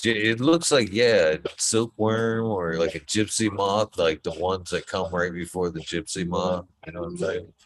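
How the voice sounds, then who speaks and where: Laid-back guy with a lowish voice, profane, telling stories animatedly. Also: unhurried, few pauses, a crowd in the background, rough recording. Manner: profane, animated storytelling, calls people brother. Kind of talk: casual chat.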